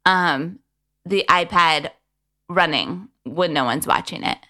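A woman's voice: lowish voice, sharp tone, smooth. A woman in casual chat as a podcast co-host, chatty and self-deprecating, laughing easily.

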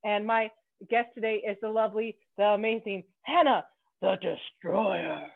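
A playful woman hosting a casual podcast interview, bubbly and quick to laugh. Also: on the high side, fairly even intonation, dry recording. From Canada. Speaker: podcast host. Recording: tinny phone-like line.

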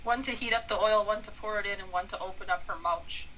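Woman podcast co-host, bright sharp voice, deadpan dirty jokes, faint noise behind. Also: mid-range voice, fast talker, poor audio. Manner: deadpan, dirty one-liners. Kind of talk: crude comedic banter.

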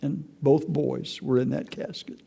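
An older man with a gravelly voice giving a personal, emotional testimony, telling stories and stumbling over repeated words. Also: mid-range voice, little pitch movement, measured pace, dark tone. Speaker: testimony speaker.

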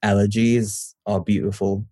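A man's voice: lowish voice, little pitch movement, unhurried, dark tone, no room sound, studio quality. A young man with a Scouse accent, a poet chatting in a casual interview, rambling and restarting, swearing now and then. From Liverpool, England. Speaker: poet, guest.

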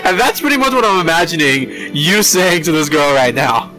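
A man's voice: on the high side, very animated, normal speed, music in the background, poor audio. A man co-hosting a casual podcast, chatting wryly, swearing and laughing easily. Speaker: podcast co-host. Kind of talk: casual chat.

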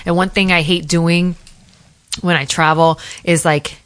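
A woman from the US Northeast hosts a podcast in casual chat. Her voice sits a little low, and she tells stories quickly and with animation. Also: clean tone. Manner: fast, animated storyteller. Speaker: podcast host.

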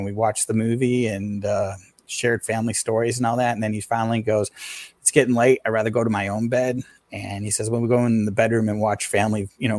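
A middle-aged man tells a personal story in an easygoing, halting way, stopping often on fillers and restarting his sentences. His voice sits a little low. The recording is close and dry, with almost no room sound. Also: a little mellow, dry recording. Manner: plain, unhurried storytelling with frequent fillers and restarts. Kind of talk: personal story told in casual conversation.

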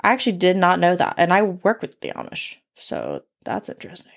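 A woman's voice: lowish voice, wildly swooping pitch, a little fast, creaky. A young woman co-hosting a podcast in casual, joking chat, swearing and mocking herself. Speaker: podcast co-host.

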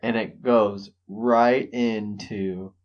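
A game master running a tabletop game in a relaxed, chuckling way. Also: medium pitch, drawn-out words, dull audio.

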